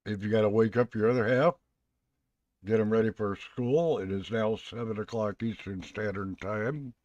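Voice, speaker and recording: A man's voice: lowish voice, moderate pace, darkish tone, no echo, muffled recording. A man hosting a live stream, talking in a rambling, folksy, chatty way. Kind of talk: casual live stream chat.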